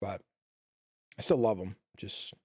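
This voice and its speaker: A man's voice: on the low side, slow pace. A man streaming a video game from his home office, chatting casually, rambling and swearing, with lots of fillers and restarts. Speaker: gaming streamer.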